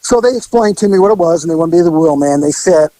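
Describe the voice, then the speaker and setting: A man's voice: on the high side, expressive, fast talker, mellow, no room sound, low-quality recording. A man telling a story in a casual, wry, laid-back way as a podcast co-host.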